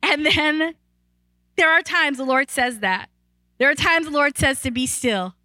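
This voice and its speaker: A woman pastor preaching a sermon in a chatty, animated way. Her voice sits high and sounds bright and forward. The sound is close and dry, with little room around it. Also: unhurried, no room sound, rough recording. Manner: animated, rises in pitch and volume when excited; conversational with frequent "like" and restarts.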